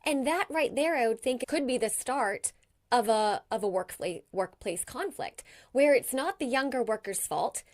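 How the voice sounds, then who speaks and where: A woman's voice: fairly high pitch, animated, normal speed. A woman hosting a podcast interview, thinking aloud and paraphrasing her guest back to her. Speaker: podcast host. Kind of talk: conversational interview.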